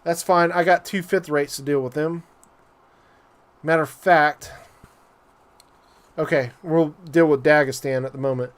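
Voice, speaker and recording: A man's voice: on the high side, steady tone, unhurried, pauses often. A man giving loose, joking commentary while live-streaming a strategy game, with frequent fillers and asides to his viewers. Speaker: gaming streamer.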